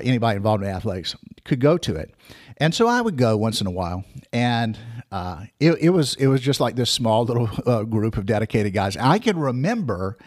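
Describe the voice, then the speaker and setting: A man in his sixties telling personal memories for listeners, halting with many restarts and fillers. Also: mid-range voice, no echo, clean studio sound.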